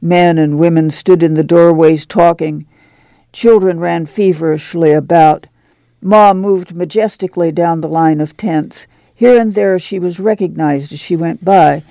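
Male audiobook narrator, steady storyteller, slightly higher voice, close and dry. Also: a little slow, creaky, dry recording. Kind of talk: scripted literary narration.

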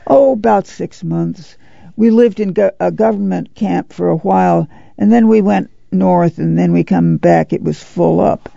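A man voicing an excitable poor rural girl who rambles eagerly in country talk. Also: high voice, unhurried, vocal fry, no echo, full character voice. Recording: dull lo-fi dry audiobook recording.

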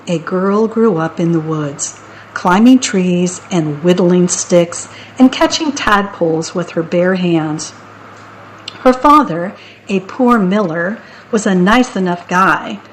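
A woman reading picture books aloud as a storyteller, in a playful, expressive way. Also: mid-range voice, a little hiss or hum, low-quality recording. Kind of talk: picture book read-aloud.

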